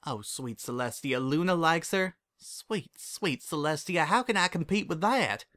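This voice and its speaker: A man's voice: mid-range voice, expressive, unhurried, a bit bright, no room sound. A man doing a folksy country farm mare. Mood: earnest. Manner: drawling, folksy. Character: steady, plain-spoken country farm mare.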